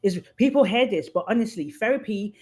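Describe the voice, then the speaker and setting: Woman podcast guest, brisk, frank, animated storyteller on a remote call. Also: medium pitch. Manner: animated storyteller acting out quoted voices. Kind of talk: candid conversational advice.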